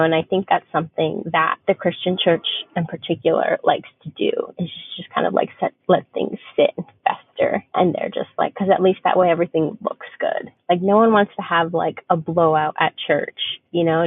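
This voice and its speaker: Husky-voiced young woman, frank and chatty. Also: fairly low pitch. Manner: frank, swears freely, chatty with many fillers. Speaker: podcast co-host. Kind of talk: candid casual chat. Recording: tinny phone-like dry sound.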